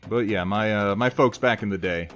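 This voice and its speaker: A man's voice: normal speed, fairly bright tone, faint music behind. An American man chatting casually with stream viewers while he paints, rambling and mocking himself. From United States. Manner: rambling, self-mocking banter with sudden jumps in pitch.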